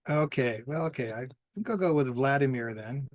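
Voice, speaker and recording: A man's voice: medium pitch, expressive, normal speed, no echo. A man playing in a tabletop game, chatty and playful, laughing at his own jokes. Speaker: player. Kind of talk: casual chat at a tabletop game.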